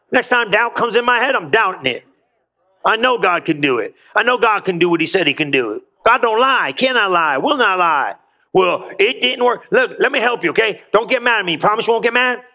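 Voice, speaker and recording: A man's voice: high-pitched, expressive, fairly quick, bright, forceful tone. A man preaching a sermon as a pastor in a church, rousing and folksy, calling out to his congregation for a response. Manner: folksy, colloquial phrasing.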